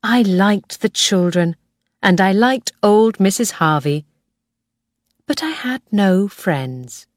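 A woman narrating a graded-reader story in a clear, careful, measured way. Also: mid-range voice, lively intonation, no echo, studio quality. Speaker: audiobook narrator.

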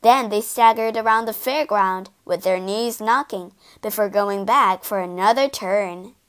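A woman reading a children's storybook aloud, with expressive, animated narration. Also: medium pitch, unhurried, clear, resonant tone.

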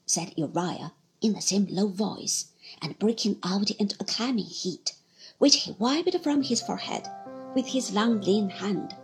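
A woman reading a classic novel aloud as an audiobook, with an expressive, varied delivery. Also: mid-range voice, measured pace, vocal fry. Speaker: audiobook reader. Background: soft background music.

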